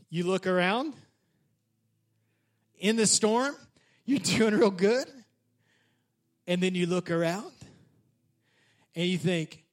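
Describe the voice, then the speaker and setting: A male pastor preaching a sermon in an animated, conversational way, often turning to the congregation with questions. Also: high-pitched, measured pace, pauses often.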